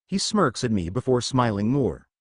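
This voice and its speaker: Lively man reading a fanfic story. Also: medium pitch, normal speed, dry recording, studio quality. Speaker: fanfiction narrator. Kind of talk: first-person story reading with dialogue.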